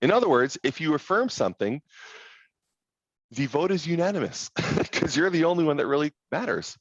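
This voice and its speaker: A man hosting a group coaching call, talking in an animated, motivational way over video call. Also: on the high side, normal speed, no echo, highs cut off. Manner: animated, motivational, quotes inner voices.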